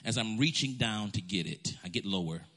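A man preaching a storytelling sermon as a pastor, animated and emphatic, often restarting his phrases. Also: on the low side, fairly quick, slightly rough.

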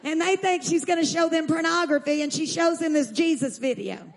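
A woman preacher tells a story during a sermon in an extremely high, creaky voice, speaking emphatically and slowing down to stress key lines. She urges the audience to respond aloud, and a faint crowd can be heard.

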